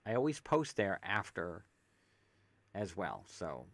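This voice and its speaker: This game streamer has a deep, very animated voice and talks slowly, recorded dry on a desk USB microphone with a pop filter. He keeps it casual, reading in-game text aloud and adding jokey asides.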